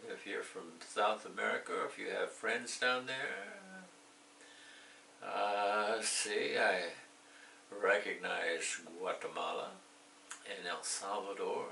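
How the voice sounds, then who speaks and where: A man with a gravelly, bright voice teaches English at a slow, patient pace. He explains each phrase in English and again in Spanish, with a playful touch. The sound is echoey and a little distant from the mic. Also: fairly low pitch, slight background noise. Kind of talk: slow bilingual lesson with jokes.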